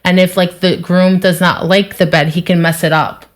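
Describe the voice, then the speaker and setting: A woman's voice: on the low side, steady tone, normal speed. A young woman from New Jersey, a podcast guest, chatting casually and saying "like" a lot. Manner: chatty, says "like" often. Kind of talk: casual chat.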